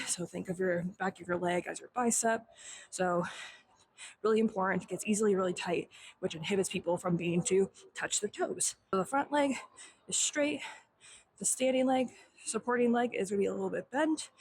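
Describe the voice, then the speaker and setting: A young woman teaching a stretching warm-up, slightly out of breath, counting aloud in Japanese. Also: mid-range voice, slightly rough, low-quality recording. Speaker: fitness instructor. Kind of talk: instructional demo while exercising.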